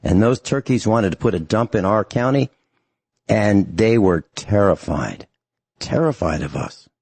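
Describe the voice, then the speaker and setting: A man's voice: fairly low pitch, unhurried, a little mellow, slightly rough, no room sound. A man hosting a talk radio show, ranting angrily and emphatically to his listeners.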